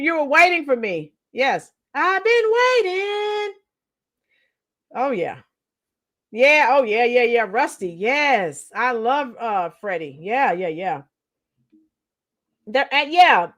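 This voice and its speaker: Hoarse teacher lady on a livestream, high bright voice, slow chatty rambling, singing along now and then. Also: very animated. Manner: chatty, sings along to rock songs, greets viewers by name. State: hoarse, lost her voice from singing. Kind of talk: casual livestream chat with viewers.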